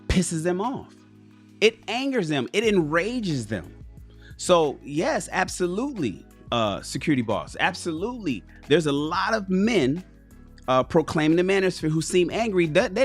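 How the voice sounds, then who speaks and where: A man's voice: fairly high pitch, very animated, brisk, a bit bright, faint music behind. A man hosting a livestream, giving casual commentary, swearing freely and talking straight to his chat. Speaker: livestream host.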